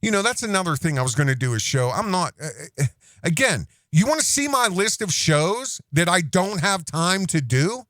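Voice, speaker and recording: A man hosts an online commentary show and rambles freely, breaking off mid-thought and circling back. His voice sits a little high and moves in a lively way. The sound is dry and close. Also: moderate pace, dry recording. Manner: rambling and self-interrupting, with restarts and asides. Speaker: host.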